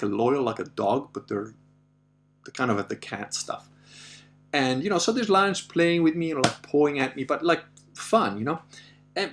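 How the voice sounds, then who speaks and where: A middle-aged man in casual storytelling mode, his voice swinging up and down as he acts out the people in his anecdote. He laughs easily and swears now and then, and his pitch sits in a middle range. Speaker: podcast host.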